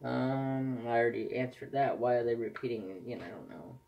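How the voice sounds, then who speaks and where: A man's voice: medium pitch, fairly quick, vocal fry, darkish tone, a little hiss or hum. A man chatting casually in his craft vlog, telling anecdotes animatedly. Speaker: craft vlogger. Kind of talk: casual chat while crafting.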